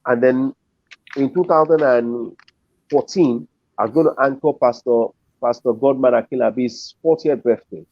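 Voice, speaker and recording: A middle-aged man with a Nigerian accent tells a long story as a guest, acting out each person in it as he goes. His voice sits at an everyday pitch. The audio is dull and dry, with the lo-fi feel of a streamed call. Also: normal speed, dry recording. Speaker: comedian and compere, interview guest. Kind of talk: storytelling in an interview.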